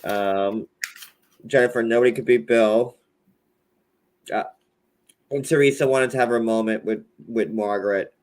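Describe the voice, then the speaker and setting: A man's voice: fairly low pitch, a little slow, pauses often, a little mellow, a little hiss or hum. Gossipy man recapping a reality show. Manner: gossipy, joking, rambling, jumps into mocking impressions. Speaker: podcast host. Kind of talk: casual chat.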